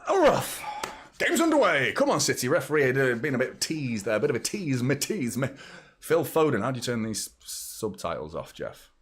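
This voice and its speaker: Young English male streamer, chatty match-watching host, rambling and casual, middle pitch. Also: lively intonation, brisk, husky. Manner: chatty, rambling, talks to viewers by name. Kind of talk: casual live match chat.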